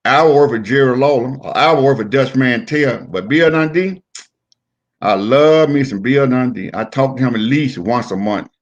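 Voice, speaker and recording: A middle-aged man spins profane stories about his wrestling days, animated and loose. His voice sits at an ordinary pitch, neither high nor low, and he acts out everyone in his tales. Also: normal speed, dull audio. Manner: profane, animated storyteller who acts out quotes. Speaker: former pro wrestler, interview guest. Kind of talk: casual storytelling interview.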